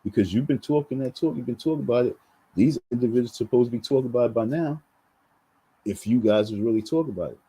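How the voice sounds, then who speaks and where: A man's voice: mid-range voice, fast talker, mellow, breathy edge, poor audio. A man venting in a heated, repetitive rant on his vlog, full of restarts and slang. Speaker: vlogger.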